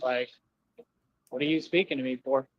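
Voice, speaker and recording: A man's voice: mid-range voice, steady tone, moderate pace, muffled recording. A young man ranting on a stream clip, boastful and taunting with lots of slang.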